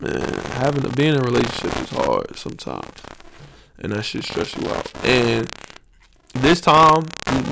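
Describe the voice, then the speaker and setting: Gravelly low-key male podcast host. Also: heavy background noise. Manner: rambling, slangy, restarts often. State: low energy. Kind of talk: casual solo podcast talk.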